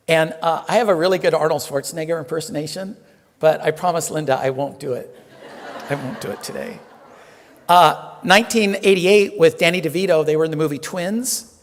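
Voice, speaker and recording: A reverend delivers a relaxed, chatty sermon, joking with his congregation and pausing on plenty of fillers. His voice is a little high for a man, and the long reverb of a temple hall rings around him.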